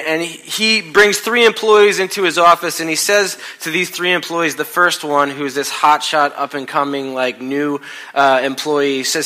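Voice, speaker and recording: A man preaches a sermon from a church stage. He is an animated storyteller who jokes with his listeners. His voice is bright and forceful and sits slightly high. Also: moderate pace, rough recording. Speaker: pastor.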